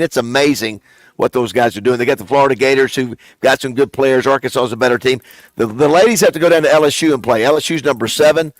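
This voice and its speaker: Brief: male radio host, chatty and halting, dry sound. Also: medium pitch, dry recording. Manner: chatty, halting, many fillers. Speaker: radio morning show host. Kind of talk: live on-location radio chat.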